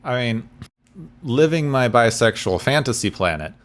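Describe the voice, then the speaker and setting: A man's voice: medium pitch, lively intonation, normal speed. A man co-hosting a podcast in casual chat, with wry, dry humor. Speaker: podcast co-host.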